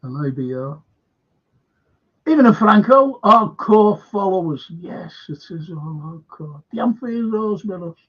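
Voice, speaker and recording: A man hosts a live stream, talking slowly in a rather high, husky voice. He rambles emphatically, repeating himself and quizzing his viewers. The stream audio sounds dull and lo-fi. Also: animated.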